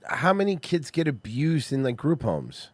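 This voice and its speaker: A man's voice: mid-range voice, wildly swooping pitch, moderate pace, dry recording. A man hosting a podcast in a casual chat, laughing often and joking around. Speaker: podcast host.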